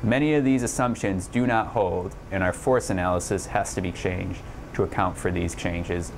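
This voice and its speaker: A man with a deep, low voice narrates an online engineering lesson in a steady, explanatory way. He stumbles now and then and fills pauses with small "uh"s. A faint air-conditioning hum runs underneath. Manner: explanatory, with occasional slips and fillers. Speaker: lecturer. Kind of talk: narrated online lab lecture.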